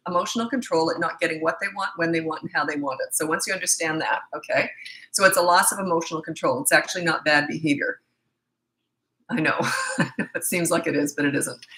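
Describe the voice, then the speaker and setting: A woman's voice: lowish voice, pushed and bright. A middle-aged woman parenting coach answering viewer questions in a live Q&A, blunt, confident and emphatic. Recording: echoey room.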